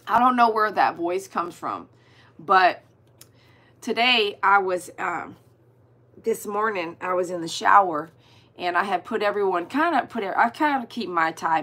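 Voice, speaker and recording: A woman's voice: on the low side, moderate pace, fairly bright tone. A woman hosting a livestream, chatting casually and greeting viewers by name. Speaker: dog groomer hosting a livestream.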